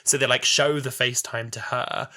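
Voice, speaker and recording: Bunged-up twenty-something podcast co-host, crisp bright tone, chatty storyteller. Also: male voice, mid-range voice, fairly even intonation, normal speed. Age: 20s. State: congested with a cold. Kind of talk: casual chat.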